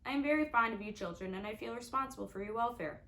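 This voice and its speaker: A woman's voice: fairly high pitch, a bit bright. A woman reading a careful, kind judge. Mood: indignant. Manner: careful, measured.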